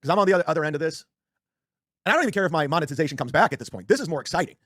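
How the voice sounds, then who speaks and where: A man on a livestream talks fast in a slightly high voice. He rambles and swears, restarting sentences as he goes. The sound is dry and close. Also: lively intonation, a bit bright, dry recording. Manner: rambling, profane, self-interrupting. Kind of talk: casual livestream rant.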